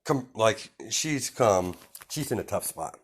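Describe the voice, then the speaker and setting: A man's voice: lowish voice, animated, slow pace, breathy edge. A man casually improvising a fan story, rambling with many fillers and restarts.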